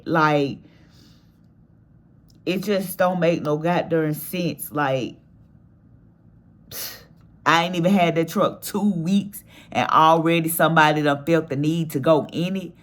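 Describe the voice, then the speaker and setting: A woman's voice: deep voice, slow pace, long pauses. A woman, talking casually to her vlog audience and venting emphatically, repeating herself. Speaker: vlogger. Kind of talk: casual vlog talk to camera. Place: parked in her truck.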